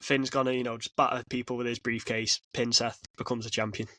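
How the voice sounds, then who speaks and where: A man co-hosting a casual podcast, talking excitedly and rambling with frequent restarts. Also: mid-range voice, a little fast, no room sound. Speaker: podcast co-host. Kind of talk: casual chat. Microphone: podcast mic.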